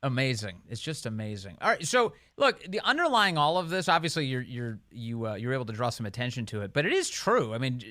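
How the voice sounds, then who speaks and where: A male radio talk show host interviewing a guest, conversational and quick to react and prompt. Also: medium pitch, very animated, a bit bright, dry recording, studio quality.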